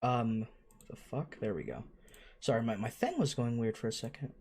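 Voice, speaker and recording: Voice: mid-range voice, expressive, moderate pace, a little mellow, husky. Gushing, foul-mouthed anime reaction host. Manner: gushing, emotional, swears freely. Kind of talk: casual reaction commentary.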